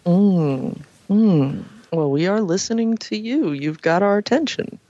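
A woman hosting a late-night call-in radio show, chatty and animated, with playful asides. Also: medium pitch, a little slow, no room sound, lo-fi sound. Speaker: radio talk show host. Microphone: headset.

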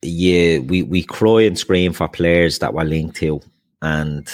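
A man with a very deep voice hosts a casual football chat. He talks things through loosely, filling pauses as he goes. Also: steady tone. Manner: conversational, hedging with fillers. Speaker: podcast host.

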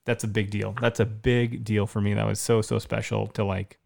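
Gravelly-voiced man telling a hunting story. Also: fairly low pitch, moderate pace. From Wisconsin. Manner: excited storyteller, many restarts. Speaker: podcast co-host. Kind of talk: casual chat, storytelling.

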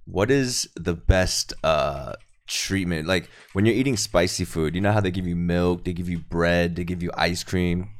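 A man hosting a podcast in casual chat, slangy and excitable, often saying bro. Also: deep voice, moderate pace. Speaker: podcast host.

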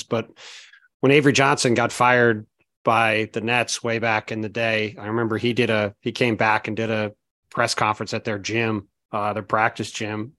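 A man talking on a podcast panel in casual chat, laying out his analysis in a measured way with "I mean, look" fillers. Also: mid-range voice, bright, forceful tone, dry recording. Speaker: basketball reporter, podcast panelist.

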